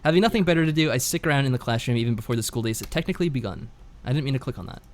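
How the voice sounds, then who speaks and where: Here a man with a mid-range voice speaks very fast as he streams a visual novel. Easygoing in his chatter, he voices the narration with animated inflection.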